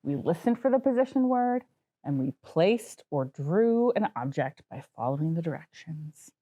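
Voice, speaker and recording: Woman kindergarten teacher, bouncy lively intonation, clear instructions to young kids. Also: deep voice, moderate pace, muffled recording. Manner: sing-song, encouraging teacher talk. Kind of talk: classroom broadcast wrap-up.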